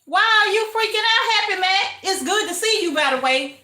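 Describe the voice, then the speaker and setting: An older woman chats away on a home livestream, calling out greetings to viewers and laughing often. Her voice sits high and bright, and her talk runs slow and easy. The kitchen around her rings with echo. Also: animated. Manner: chatty, greets viewers warmly, frequent laughter. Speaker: homestead livestream host. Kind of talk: casual livestream chat.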